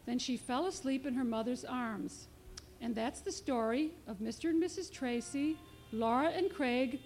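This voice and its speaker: A woman children's author reading her picture book aloud in a clear, expressive storybook manner. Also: high-pitched, a little hiss or hum.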